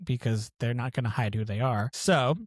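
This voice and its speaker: A man's voice: medium pitch, moderate pace, no room sound. A man from outside Boston co-hosting a podcast in a chatty, joking way. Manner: chatty and joking, reads quotes aloud. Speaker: podcast co-host. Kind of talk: casual podcast chat.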